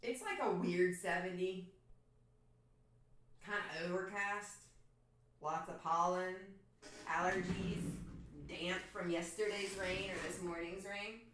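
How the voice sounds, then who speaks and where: A woman's voice: on the low side, fairly even intonation, slow pace, long pauses, fairly bright tone. Chatty swearing woman painting on a livestream. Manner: chatty, swearing, joking with viewers. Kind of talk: casual livestream chat while painting. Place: home painting studio. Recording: echoey room from far off.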